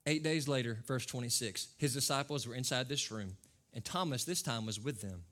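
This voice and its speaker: A man's voice: medium pitch, moderate pace, fairly bright tone. A man pastor preaching a conversational sermon to his congregation. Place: church service with a congregation.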